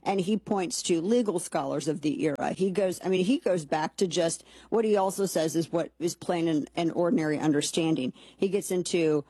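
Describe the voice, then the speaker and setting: Husky, fired-up woman political host. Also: fairly low pitch, moderate pace, hardly any pauses, dark tone, no room sound. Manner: fired-up, emphatic, reads quotes aloud. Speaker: talk show host. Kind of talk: opinionated political commentary.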